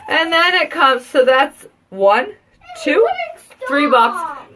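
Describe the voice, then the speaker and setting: A woman's voice: high voice, expressive, slow, noisy background. A woman and mother chatting casually at home in a live beauty product review, rambling and gushing. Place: at home, children heard downstairs.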